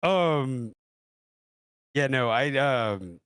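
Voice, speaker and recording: A man hosting a live stream, chatting casually, laughing often and jumping between loud outbursts and quiet asides. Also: mid-range voice, expressive, drawn-out words, smooth, no room sound, studio quality. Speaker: stream host.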